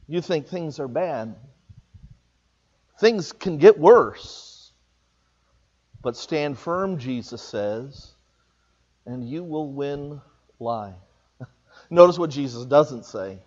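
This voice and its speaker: High-voiced guy preaching, earnest storyteller, kinda dull lo-fi sound. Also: expressive, extremely slow, long pauses, darkish tone. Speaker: pastor. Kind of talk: sermon.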